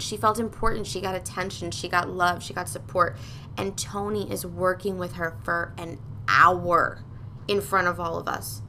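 A woman hosts a motivational podcast in a bright, forceful voice. She talks bluntly and emphatically, swears freely, and speaks straight to her listeners as a coach. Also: medium pitch, a little hiss or hum.

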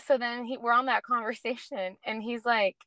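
A woman's voice: a little high, normal speed, dry recording. A woman co-hosting a casual podcast, animatedly retelling conversations and acting out both sides, with lots of "like". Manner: animated storyteller who acts out both sides of conversations, heavy use of "like". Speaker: podcast co-host. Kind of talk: casual chat, storytelling.

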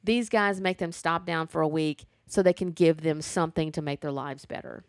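A woman chatting casually about a TV show, animated and talkative with playful sass. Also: low voice, moderate pace, no echo, studio quality. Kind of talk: casual chat reviewing a TV show.

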